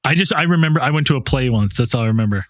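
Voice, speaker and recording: A man co-hosts a casual podcast, laughing often and teasing his friends. His voice swings widely in pitch as he talks. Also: lively intonation, racing, no room sound, studio quality. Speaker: podcast co-host. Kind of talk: casual chat.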